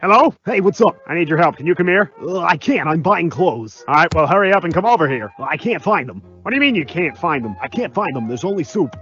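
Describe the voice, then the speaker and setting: A man voicing a frantic, quarrelsome cartoon cucumber in an animated comedy clip, replayed as dull lo-fi audio. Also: fairly quick, few pauses, soft background music. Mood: bickering. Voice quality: squeaky, bickering, escalating to shouting.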